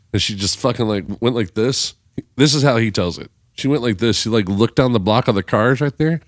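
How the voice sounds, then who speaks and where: A man's voice: medium pitch, fairly quick, no echo, clean studio sound. A man telling a long story in a casual podcast chat, swearing freely and acting out the voices of the people he quotes. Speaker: podcast guest musician.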